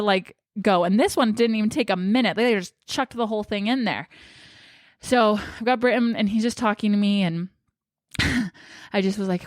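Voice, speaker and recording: A woman's voice: medium pitch, no room sound, studio quality. A young woman telling a personal story to her viewers in a chatty way, acting out what everyone said. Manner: chatty, animated retelling with quoted dialogue. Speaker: vlogger. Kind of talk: casual storytelling to camera.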